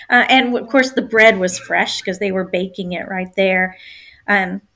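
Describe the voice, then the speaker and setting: A woman who is a travel agent guest, in casual chat, talking freely with many filler ums and pauses to search for words. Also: mid-range voice, sharp tone.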